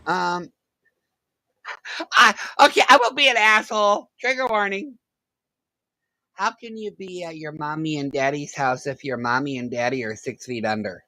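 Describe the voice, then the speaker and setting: A woman's voice: low voice, moderate pace, pauses often, sharp tone, no echo, poor audio. A woman reacting to clips with sarcastic remarks, often breaking into laughter. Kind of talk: reaction commentary.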